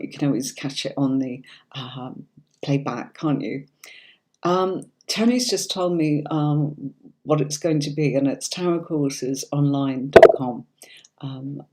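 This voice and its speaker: Mellow-voiced British woman reading tarot live. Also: low voice. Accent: neutral standard British. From Yorkshire, England. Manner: chatty and reassuring, often checking in with "okay?". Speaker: tarot reader hosting a livestream.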